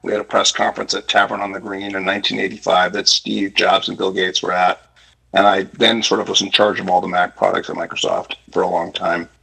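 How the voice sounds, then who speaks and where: Man, panel guest, very low pitch, gravelly, husky, conversational. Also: little pitch movement, fairly quick, sharp tone, low-quality recording. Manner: conversational, with many fillers. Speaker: panel guest, former tech executive. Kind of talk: casual panel talk.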